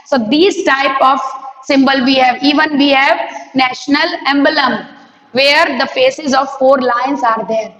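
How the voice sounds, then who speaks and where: Woman teacher, high voice, unhurried explaining, echoey room with long reverb. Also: fairly even intonation, a bit bright, dull audio. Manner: asks the class many questions, repeats key words. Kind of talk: explaining a textbook lesson.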